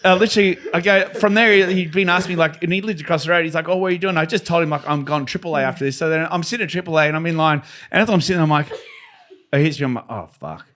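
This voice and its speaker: An Australian man with a voice a little higher than most men's tells a rapid-fire prank story on a podcast. He acts out each person's lines, swears freely and breaks into laughter as he goes. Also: fairly even intonation, a bit bright. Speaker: guest. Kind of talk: animated storytelling. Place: podcast studio.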